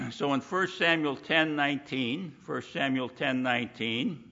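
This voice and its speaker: A man preaching a sermon in a folksy, animated way, acting out the voices he quotes. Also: medium pitch, unhurried, creaky. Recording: dull lo-fi recording with long hall reverb.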